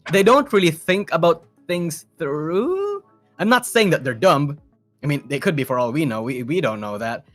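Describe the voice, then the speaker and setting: A man's voice: fairly high pitch, big pitch swings, moderate pace, soft background music. Rambling young man guest on call. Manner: rambling, repeats words, swears, trails off quietly. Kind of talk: casual chat.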